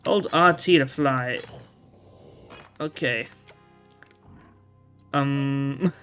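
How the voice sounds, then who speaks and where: A man's voice: medium pitch, drawn-out words, fairly bright tone, clear, resonant tone. A man giving casual gameplay commentary, rambling and restarting his sentences, with loose slang and the odd swear word. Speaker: video game streamer. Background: faint game music.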